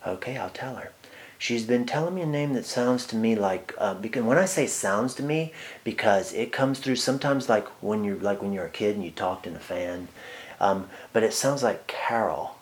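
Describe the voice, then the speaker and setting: Fairly low in pitch, a man reads for a single client as a psychic medium. His speech is hesitant and restarts often, padded with fillers, and at times he drops to a soft murmur for asides.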